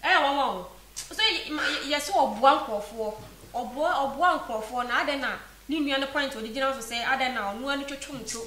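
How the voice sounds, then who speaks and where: A woman's voice: high-pitched, moderate pace, pushed and bright. A woman with a Ghanaian accent hosting a casual chat show, asking prompting questions and explaining her view at length. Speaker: show host. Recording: echoey room with faint noise.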